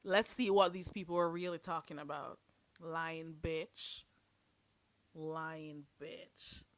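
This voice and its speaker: A woman's voice: low voice, steady tone, a little slow, dry recording. Blunt, sassy woman streaming commentary. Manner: blunt, sassy, preachy, calls listeners "girl". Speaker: livestream host. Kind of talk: livestream commentary.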